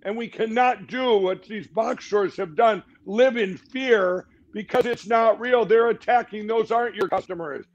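A man's voice: high voice, measured pace, hardly any pauses. A middle-aged man speaking as a guest on a talk show, rambling and emphatic, with frequent restarts. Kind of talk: fast rambling interview talk. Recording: dull lo-fi audio.

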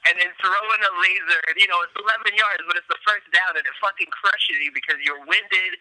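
A man in a casual sports talk, animated and swearing, acting out players' reactions. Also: high voice, fairly quick, no room sound, rough recording.

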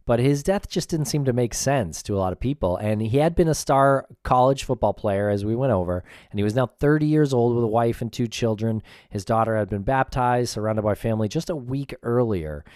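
A man's voice: medium pitch, animated, a little fast, few pauses, darkish tone, dry recording, clean studio sound. A man co-hosting a podcast, talking casually with some hesitation and narrating parts of a case. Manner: hesitant, with fillers. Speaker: podcast co-host. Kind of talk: casual discussion and read narration.

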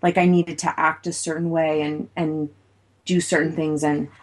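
Mom in her 30s musing on a talk show, lowish voice. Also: little pitch movement, normal speed. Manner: reflective, soft-spoken musing. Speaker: co-host. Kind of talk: casual chat.

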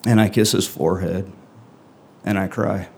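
A middle-aged man telling a personal story to an audience, his voice deep and low. He speaks in an even, steady tone with little rise and fall, earnest and halting, leaving long pauses between phrases. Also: vocal fry, slightly rough. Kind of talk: live first-person storytelling.

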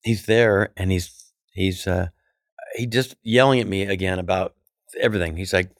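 Comedian guest, male, low register, lively storyteller who acts out quotes, dry close mic. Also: moderate pace, no echo. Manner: animated, acting out quoted voices. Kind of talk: storytelling in a podcast interview.

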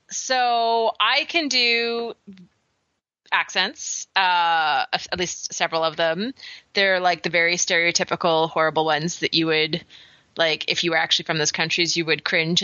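A chatty woman co-hosting a podcast, her voice bright and a little low. The sound is close and dry, with a slightly dull, lo-fi quality. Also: steady tone, unhurried, dry recording. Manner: chatty, laughing, lots of fillers. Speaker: podcast co-host. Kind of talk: casual chat.

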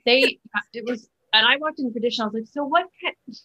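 A woman with a husky, breathy voice talks in a loose, chatty way and keeps restarting her sentences. She speaks as a guest in a casual interview. The sound is muffled and lo-fi. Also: fairly high pitch, fast talker, sharp tone. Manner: chatty, many fillers and restarts. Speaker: Broadway actor, guest.

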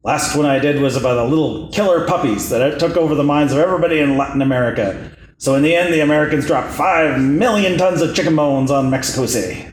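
A man's voice: on the high side, fast talker, natural voice. A man playing a seedy, slothful fifty-year-old bell captain, growling pirate-like in a comedic script read. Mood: boastful. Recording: echoey room, faint noise.

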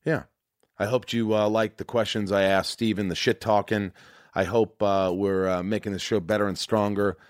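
A man's voice: lowish voice, little pitch movement, normal speed, no room sound. A man hosting a podcast in casual chat, talking earnestly and profanely with many restarts, on a studio mic. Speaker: podcast host.

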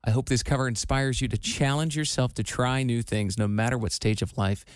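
A man's voice: mid-range voice, steady tone, a little fast, clear, resonant tone, no echo, clean studio sound. A man in his forties co-hosting a radio show in casual chat, laughing often and restarting his sentences.

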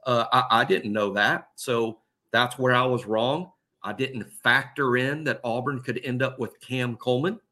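A man talks recruiting on a sports podcast in a bright, forward voice at an ordinary pitch. He rambles and restarts his sentences as he works through a concession. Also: measured pace. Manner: rambling, self-correcting concession. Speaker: podcast co-host. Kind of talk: casual sports talk.

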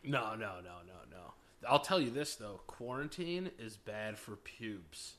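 A man's voice: lowish voice, animated, measured pace, fairly bright tone. A young man co-hosting a podcast, teasing bluntly in crude casual banter. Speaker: podcast co-host.

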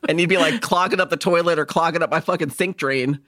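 A woman's voice: on the low side, fast talker. A woman co-hosting a podcast, chatting casually with crude, joking humor. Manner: profane, joking, animated. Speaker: podcast co-host. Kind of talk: casual comedic chat.

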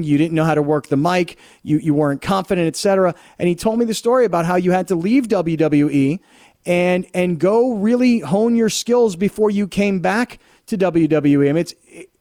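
A man's voice: high voice, a little mellow, no echo, clean studio sound. A man hosting a sports talk radio show, chatty and enthusiastic as he asks his guest questions.

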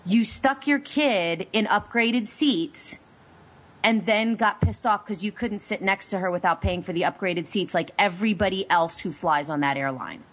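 Animated woman with a rising excited voice. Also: normal speed. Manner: animated, opinionated, voice goes high when excited. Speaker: podcast host. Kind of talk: casual chat.

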